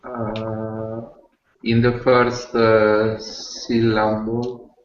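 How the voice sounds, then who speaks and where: A man answers a language teacher very slowly and flatly, pausing on fillers, his voice fairly low. He sounds in an echoey room through dull call audio with faint background noise. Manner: very slow, hesitant, with fillers. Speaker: student. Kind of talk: hesitant answers in a language class.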